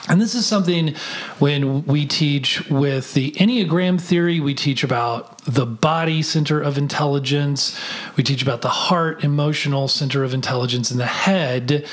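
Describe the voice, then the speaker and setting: A podcast co-host and teacher in a reflective conversation, explaining ideas earnestly. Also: medium pitch.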